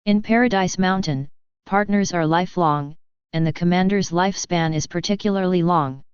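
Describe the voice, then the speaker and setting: A woman's voice: on the low side, normal speed, clear, resonant tone, no echo, highs cut off, lightly acted. A woman voicing a shy, earnest young woman in love who speaks in a troubled, sincere way in an audiobook.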